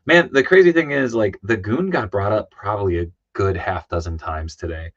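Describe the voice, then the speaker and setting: A man with a very low voice chats loosely on a livestream, trailing off and restarting often. He sounds worn out. The sound is dry and a little dull. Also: normal speed, no echo. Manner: rambling, many fillers and restarts, reads chat aloud. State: tired. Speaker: comic artist streaming live. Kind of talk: casual livestream chat.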